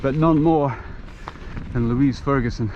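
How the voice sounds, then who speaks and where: A man's voice: medium pitch, a little slow. A middle-aged man vlogging casually as he rides a mountain bike trail outdoors, chatty and self-mocking. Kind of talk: casual talk while riding. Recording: dull lo-fi sound, faint outdoor noise.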